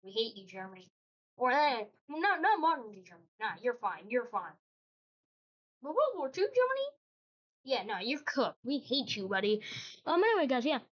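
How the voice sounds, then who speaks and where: Fairly high-pitched and animated, this channel host talks fairly quickly while telling a fabricated history story. She rambles in a casual way, breaking off for humorous asides, and the recording is dull lo-fi.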